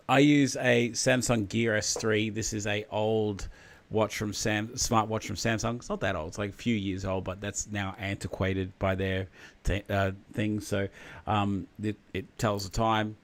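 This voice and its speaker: Rambling, jokey man, low voice. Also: creaky, a bit bright. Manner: rambling and jokey, reads out viewer comments. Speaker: livestream host. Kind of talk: casual chat on a livestream.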